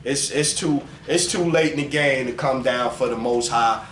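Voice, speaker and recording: A man preaches straight to the camera, animated and profane. He slows right down to read scripture aloud. The room rings with a roomy echo over a faint hum of ambience. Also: medium pitch. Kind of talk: casual religious vlog monologue.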